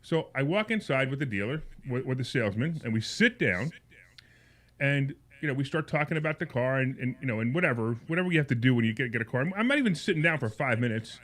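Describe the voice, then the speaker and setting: A man's voice: mid-range voice, expressive, quick pace, fairly bright tone. A man hosting a radio call-in show, telling a long rambling personal story and getting more heated and indignant as he goes. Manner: rambling anecdote, repeats words and restarts; grows heated and indignant as he tells it. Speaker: radio talk show host.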